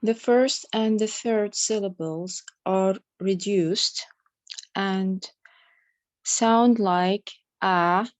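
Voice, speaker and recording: A woman learning English, reading aloud in class with hesitant, halting delivery. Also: medium pitch, dry recording. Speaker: language student.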